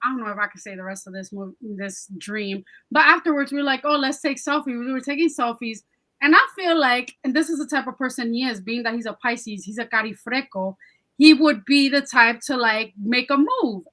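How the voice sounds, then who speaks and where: A woman co-hosting a podcast, telling a story in an animated, casual way and swearing freely. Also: fairly high pitch, a little fast, rough recording. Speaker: podcast co-host. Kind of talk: casual chat.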